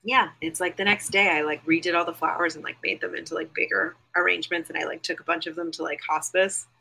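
A woman's voice: on the low side, fairly even intonation, fast talker, gravelly, sharp tone, a little hiss or hum, rough recording. A tired woman co-hosting a casual podcast, chatting loosely with many fillers. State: tired, yawning. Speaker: podcast co-host.

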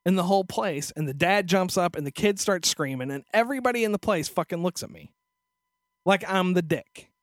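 A man's voice: sits high, lively intonation, fairly quick, no room sound. A male podcast host telling a story in a crude, profane, sarcastic rant into a studio microphone. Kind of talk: casual ranting storytelling.

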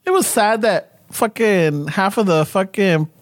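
A man co-hosting a casual podcast, laughing often and telling stories in a profane, animated way. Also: high voice, measured pace, no room sound. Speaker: podcast co-host.

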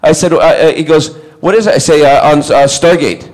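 A man's voice: fairly high pitch, moderate pace. A male actor telling a comic anecdote, acting out the dialogue as he goes. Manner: lively storytelling, acts out dialogue.

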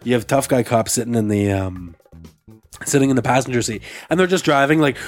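Male podcast co-host, wisecracking interjections, mid pitch, faint music in the mix. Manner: quick joking interjections. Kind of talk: casual chat.

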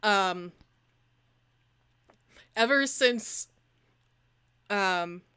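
A young woman co-hosting a podcast in animated, jokey casual chat, laughing often. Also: mid-range voice, very slow, clear, resonant tone. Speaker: podcast co-host.

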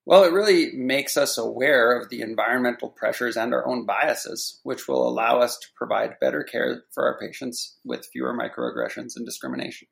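A man, a physician guest on a podcast, chatting in a relaxed, wry way. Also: mid-range voice, normal speed, gravelly, few pauses. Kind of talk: casual podcast chat.

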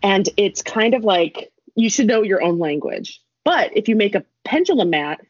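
A young woman chats her way through a long, rambling story, full of asides and quick laughs. Her voice is husky and a little breathy, and it comes through dry and slightly muffled on a lo-fi recording. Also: mid-range voice, animated, no room sound. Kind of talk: casual storytelling chat.

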